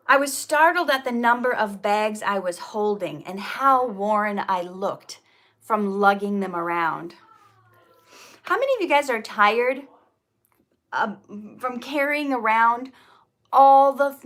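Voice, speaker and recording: Woman, middle-aged, inspirational host, earnest, animated, reads poem with asides, slightly high voice. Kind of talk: reading a poem with commentary.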